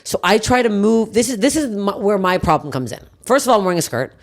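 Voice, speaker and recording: A woman's voice: medium pitch, fast talker. A woman from Canada hosting a podcast, telling a story in casual chat, brash and profane, acting out the people in it. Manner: brash, profane, animated storyteller who acts out other people. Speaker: comedian and podcast host.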